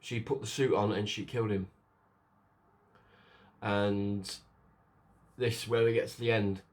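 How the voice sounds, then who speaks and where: A man's voice: fairly low pitch, steady tone, measured pace. Rambling man retelling a film plot. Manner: rambling, lots of fillers and restarts, acts out quotes. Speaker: film reviewer. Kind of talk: casual spoken film review.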